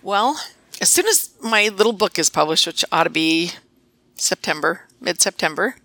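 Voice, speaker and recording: A middle-aged woman tells stories in a casual podcast chat, circling back and restarting her sentences. Her voice sits a little low but sounds bright and forceful. The recording is dry and close. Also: animated, normal speed, dry recording. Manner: chatty, storytelling with many restarts. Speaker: veterinarian and guest.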